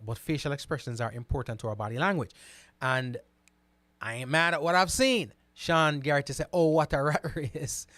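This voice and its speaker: A man of middle pitch hosts a casual commentary, reading out comments and answering them. He repeats words and keeps asking "right?". The sound is dry and close. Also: dry recording. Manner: animated, repeats words, asks "right?" often. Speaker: host.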